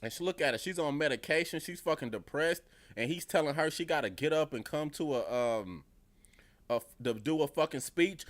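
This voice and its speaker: A man's voice: on the high side, animated, normal speed. Man swearing through a casual TV review. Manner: profane, emphatic, repeats himself. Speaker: TV show reviewer.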